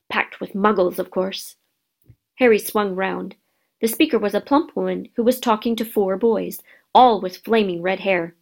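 A woman narrating a storybook in a steady, expressive reading voice. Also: mid-range voice, creaky.

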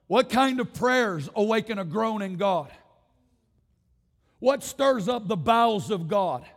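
A man with a high voice preaches with rising passion, stacking phrase on phrase and calling out for the congregation to answer back. His voice rings through a church sanctuary with a long, lingering reverb. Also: animated, slow pace, gravelly. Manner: impassioned, repetitive rhetorical build-ups, directs congregation to respond. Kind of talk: sermon.

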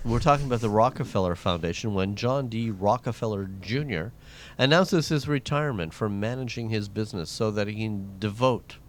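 A man's voice: on the low side, a little fast, hardly any pauses, slight background noise. A man hosting a trivia segment on a radio show, reading history questions in casual banter. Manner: reads history questions, lively intonation. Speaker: trivia host.

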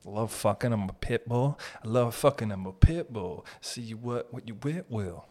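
A swaggering, muscle-proud pit bull that keeps bragging in short, crude bursts, as a man puts on the voice for a comedy podcast. The voice is pitched a touch low. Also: expressive, moderate pace, darkish tone, natural voice. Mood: boastful. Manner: blunt boastful repetition. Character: cocky jacked male pit bull, crude.

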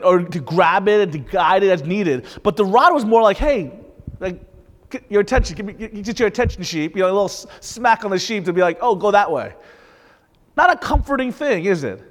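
A man's voice: high-pitched, animated, moderate pace, long reverb tail. A young man preaching a sermon in a conversational way, with rhetorical questions and light laughs. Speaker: pastor.

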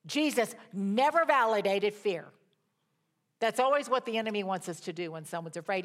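A woman preaching a sermon, retelling a scripture story with animated emphasis and pauses. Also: mid-range voice.

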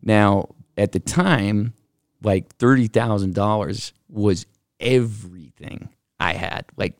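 Gravelly middle-aged man telling a story. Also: on the low side, slow, dry recording, studio quality. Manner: animated, acts out quoted voices, many fillers. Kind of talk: casual storytelling. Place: office.

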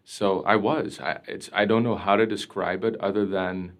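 A priest being interviewed, telling a personal story in an earnest, reflective way, full of casual fillers. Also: male voice, lowish voice, steady tone, moderate pace, fairly bright tone.

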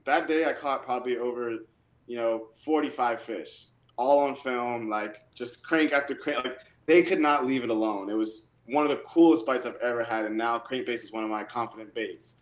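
A man telling fishing stories in a casual, excitable way, with lots of "like" and laughs. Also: medium pitch. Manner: excitable, animated storyteller. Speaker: guest angler and realtor. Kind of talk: casual storytelling. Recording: roomy echo.

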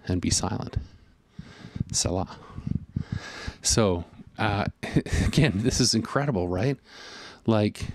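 Here a pastor preaches with a lowish, slightly mellow voice, keeping things earnest and conversational. Fillers come up often, as do spoken-aloud inner thoughts, and there's no echo.

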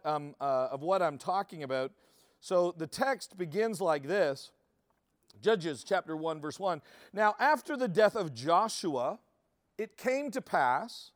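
A man's voice: a little high, clean tone. A man preaching a sermon in a conversational way, often restarting his sentences and putting questions to the congregation. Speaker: pastor. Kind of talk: sermon teaching.

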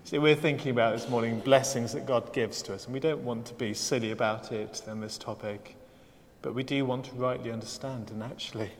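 A man's voice: mid-range voice, a little hiss or hum. A man preaching a sermon at a church service, telling a story with dry humour and building to emphatic points. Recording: long reverb of a church hall.

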